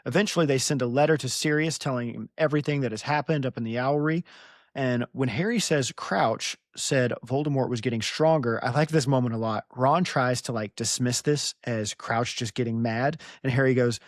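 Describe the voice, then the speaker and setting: A young American man with a dry, close sound hosts a casual book podcast. He rambles and pokes fun at himself, laughing often as he recaps chapters. His voice sits at an ordinary middle pitch. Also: no room sound. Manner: rambling, self-deprecating, quick to laugh. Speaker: podcast host.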